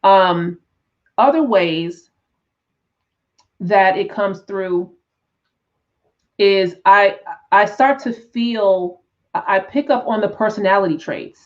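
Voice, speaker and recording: A woman teaching tarot on a live stream, talking in an unhurried, reflective way with frequent restarts and "right?" check-ins. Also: mid-range voice, muffled recording. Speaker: tarot teacher and spiritual coach.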